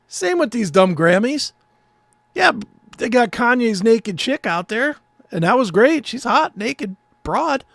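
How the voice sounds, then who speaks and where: A man in his fifties with a strikingly high, gravelly voice rants sarcastically through a casual podcast chat and swears freely. The sound is dry and close. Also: sing-song, unhurried, a bit bright, no room sound. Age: 50s. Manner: sarcastic, ranting, swears often. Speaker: podcast co-host. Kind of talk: casual profane podcast banter.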